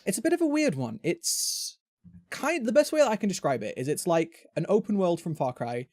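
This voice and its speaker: A British man with a fairly high voice hosts a casual podcast chat. He rambles, restarts his sentences and chats along freely. The sound is dry and close, with no room around it. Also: sing-song, fairly quick, a little mellow, no echo. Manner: chatty, rambling, self-interrupting. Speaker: podcast host.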